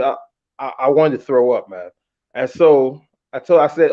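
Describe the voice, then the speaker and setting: A man telling a long personal story in a casual, candid and animated way, acting out the quotes. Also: mid-range voice, moderate pace. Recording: muffled lo-fi audio.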